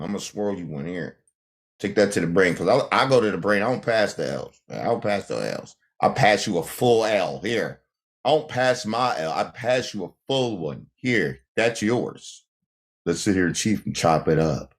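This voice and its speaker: A man hosting a casual livestream, talking brashly in slang and laughing often. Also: low voice. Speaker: livestream host.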